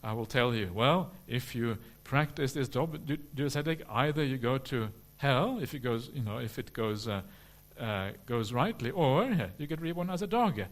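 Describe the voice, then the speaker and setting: A man's voice: mid-range voice, lively intonation, normal speed, few pauses, natural voice. A man voicing an ancient teacher who patiently and firmly refuses a question, then gives a blunt answer. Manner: firm, patient. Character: calm patient teacher, reluctant to tell bad news.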